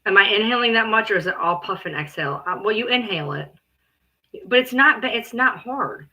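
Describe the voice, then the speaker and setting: A woman livestreaming and chatting casually, blunt, exasperated and quick to swear. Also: mid-range voice, lively intonation, sharp tone, slightly rough.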